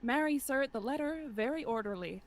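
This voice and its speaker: A woman's voice: high-pitched, animated, a little hiss or hum. A woman reading a witty, punning young male servant in a live amateur read-through of a play. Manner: quick cheeky punning banter.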